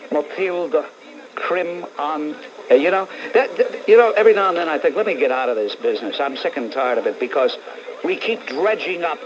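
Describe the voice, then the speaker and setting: A man's voice: on the high side, a little hiss or hum. A middle-aged man with a New York accent hosting a call-in talk radio show, blunt and sarcastic, ranting at callers and listeners. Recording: muffled old AM radio tape.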